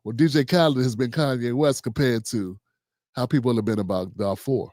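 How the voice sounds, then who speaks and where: Speaking at medium pitch and a moderate pace, this man has a darkish tone as he hosts a political commentary livestream, reading notes aloud and firing off heated sarcasm. It's a dry recording with clean studio sound.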